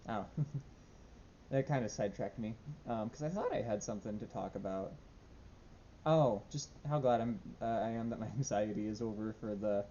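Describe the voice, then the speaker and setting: A man's voice: fairly low pitch, dark tone, lo-fi sound, a little hiss or hum. A young man talking casually in a diary vlog at home, rambling and self-deprecating with many fillers. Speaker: vlogger. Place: home room.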